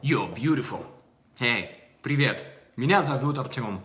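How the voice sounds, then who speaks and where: Animated man with a Russian accent. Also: mid-range voice, echoey room, slight background noise. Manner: animated, repeats phrases slowly. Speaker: language teacher. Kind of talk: casual language lesson.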